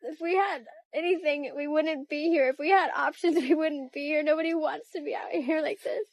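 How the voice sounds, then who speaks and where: A woman's voice: high voice, steady tone, moderate pace, no echo. A sick woman living in an RV, talking upset with her voice breaking into tears and coughing. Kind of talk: street interview.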